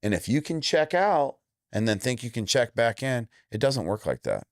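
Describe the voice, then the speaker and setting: A man's voice: big pitch swings, normal speed, no room sound, studio quality. Blunt, emphatic man in his forties. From Indiana, USA. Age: 40s. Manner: blunt, emphatic, acts out quoted lines with jumps in pitch. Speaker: MMA coach, guest. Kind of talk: candid interview talk.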